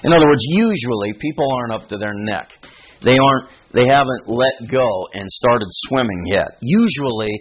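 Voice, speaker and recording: A man preaching a sermon in a reflective, unhurried teaching manner, often restarting his phrases. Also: mid-range voice, slightly rough, highs cut off.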